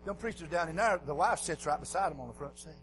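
A man preaching a folksy revival sermon in a church, dropping to quiet asides and rising to shouts. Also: animated, quick pace, a little hiss or hum, low-quality recording. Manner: folksy, swings from low murmurs to hoarse shouting.

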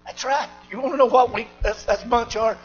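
An older man, preaching a fiery sermon in a church and shouting and whooping with exuberance. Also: extremely high pitch, fairly even intonation, brisk, dull audio, faint music behind. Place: church service.

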